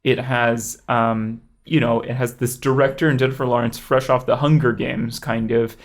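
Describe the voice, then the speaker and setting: A man's voice: mid-range voice, level tone, moderate pace. A young man co-hosting a casual movie review podcast, rambling with lots of fillers and hedges. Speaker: podcast co-host.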